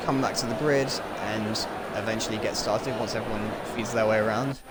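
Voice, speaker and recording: A man's voice: fairly low pitch, steady tone, fairly quick, hardly any pauses. A man giving live commentary on a sim race, chatty and rambling, his voice a little crackly. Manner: chatty, rambling, self-correcting. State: slightly crackly voice. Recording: loud background engine noise.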